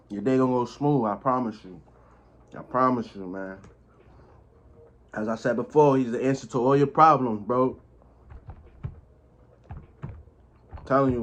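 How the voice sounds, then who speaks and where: Talking to the camera over a meal, this young man keeps up a loose, slangy patter, now and then with food in his mouth. He's a mukbang vlogger with a medium-pitched voice, heard through lo-fi audio.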